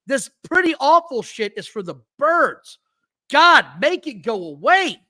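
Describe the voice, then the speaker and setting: A man's voice: very high-pitched, a little slow, no echo, rough recording. A man co-hosting a casual wrestling podcast, blunt and profane, telling match stories with lots of energy. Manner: profane, blunt, animated storytelling. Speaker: podcast co-host.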